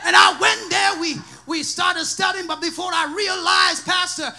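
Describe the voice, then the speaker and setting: High-pitched shouting African preacher man. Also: fairly even intonation, moderate pace, vocal fry, faint music behind. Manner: shouted sing-song preaching, rising into chanted calls. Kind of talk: sermon with personal testimony. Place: church.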